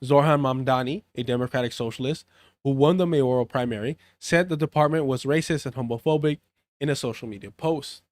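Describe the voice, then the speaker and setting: A man's voice: medium pitch, fairly quick, darkish tone, no room sound. A man doing live political commentary, reading news aloud and breaking into heated, profane rants, now and then dropping Spanish phrases. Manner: profane, heated rants between read-out articles.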